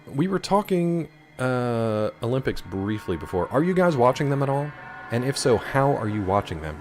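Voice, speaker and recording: A man's voice: on the low side, slight background noise. A man streaming a game, chatting casually and wryly with viewers. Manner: chatty, wry, rambling. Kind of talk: casual live-stream chat.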